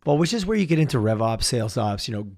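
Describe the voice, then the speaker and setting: A male podcast host chatting casually, talking in animated run-on bursts. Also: medium pitch, fast talker. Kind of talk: casual conversational interview.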